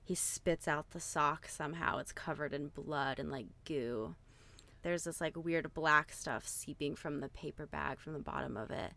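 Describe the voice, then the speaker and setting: A young woman co-hosting a podcast, casually retelling a horror film's plot in an animated way, with lots of "like" and the odd swear word. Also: low-pitched, normal speed, creaky. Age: young adult. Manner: animated storyteller, frequent "like", swearing. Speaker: podcast co-host.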